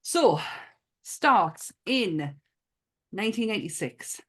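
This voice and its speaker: A woman's voice: mid-range voice, sing-song, slow pace, fairly bright tone, husky. A woman with a northern English accent hosting a podcast, playful and chatty. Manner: playful and chatty, laughs often. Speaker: podcast host. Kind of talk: casual podcast chat.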